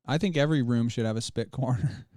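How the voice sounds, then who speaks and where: A man's voice: medium pitch, fast, a little mellow, no room sound, studio quality. A man co-hosting a podcast, talking in a crude, laid-back, joking way. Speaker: podcast co-host. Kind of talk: casual chat.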